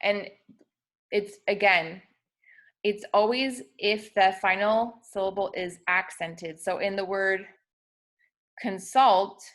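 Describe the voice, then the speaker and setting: A woman's voice: mid-range voice, fairly bright tone. A young woman teaching spelling rules in a patient, methodical way, with frequent ums and small self-corrections. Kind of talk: instructional explanation of spelling rules.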